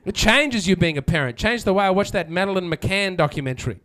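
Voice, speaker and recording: A man's voice: high voice, expressive, fast talker, a bit bright. A man doing a sardonic stand-up set, chatting with the crowd and acting out quotes. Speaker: stand-up comedian. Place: comedy venue with live audience.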